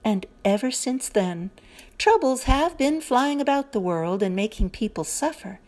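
A woman reads a children's story aloud slowly and gently, with expressive turns in her telling. Her voice sits a little high, and she takes her time over each line.

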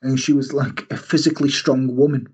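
A man hosting a podcast, telling a story in a casual, animated way and often breaking into silly voices. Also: medium pitch, fairly quick, breathy edge. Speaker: podcast host.

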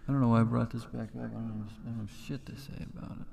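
A man's voice: mid-range voice, steady tone, very fast, creaky, a little mellow. A man co-hosting a podcast, telling stories in rambling casual chat and laughing often. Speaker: podcast co-host. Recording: echoey home recording.

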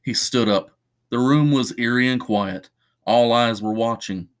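A man reading a horror short story aloud as a podcast narrator, in measured, steady storytelling. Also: medium pitch.

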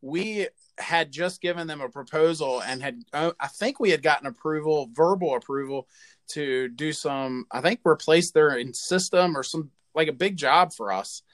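Joking man, slightly high. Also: normal speed, fairly bright tone. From American South. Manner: joking, self-deprecating, hesitant with fillers. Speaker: podcast co-host. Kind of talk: casual chat.

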